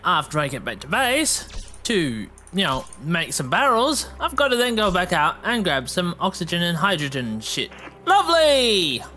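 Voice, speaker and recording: A man giving let's play commentary, excitable and swearing freely, shouting at enemies. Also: sits high. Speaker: gamer.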